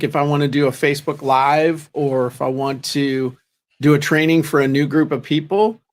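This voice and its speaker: A man co-hosting a podcast, talking in a chatty, joking, self-deprecating way. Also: a little high. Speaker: podcast co-host. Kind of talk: casual chat.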